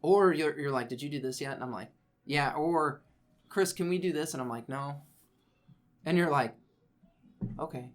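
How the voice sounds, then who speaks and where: A man's voice: on the high side, normal speed, pauses often. A man co-hosting a casual chat with a friend. He tells anecdotes at an easy, laid-back pace, with dry, wry humor and quoted back-and-forth. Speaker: podcast co-host.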